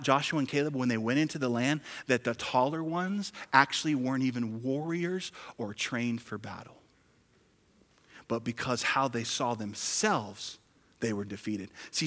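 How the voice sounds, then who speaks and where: Bright, forceful preaching pastor. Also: male voice, mid-range voice. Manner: emphatic, swings from loud exclamations to hushed whispers. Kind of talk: sermon. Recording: long reverb of a large hall.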